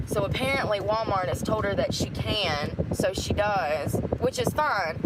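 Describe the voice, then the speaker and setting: A woman's voice: mid-range voice, animated, a little slow, few pauses. Rambling woman vlogging outdoors. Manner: rambling, gossipy, folksy. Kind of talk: casual chatty vlog. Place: outdoors by a store lot. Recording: outdoor traffic noise.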